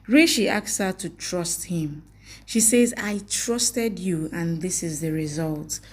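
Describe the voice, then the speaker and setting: A woman's voice: fairly low pitch, slow pace, husky. A woman reading a scripted recap of a TV series episode, with a plain reading of the dialogue as reported speech.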